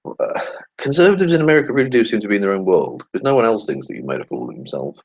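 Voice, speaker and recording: A man with a low, husky voice gives sarcastic running commentary, swearing freely and muttering asides as he reads tweets aloud. His voice sits dry and close, caught on a dull, lo-fi home recording. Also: big pitch swings, very fast, darkish tone, dry recording. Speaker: channel host.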